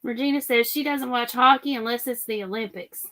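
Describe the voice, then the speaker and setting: A woman's voice: a little high, brisk, a bit bright. A middle-aged woman, chatting casually as a livestream host and reading out comments. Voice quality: chatty, rambling.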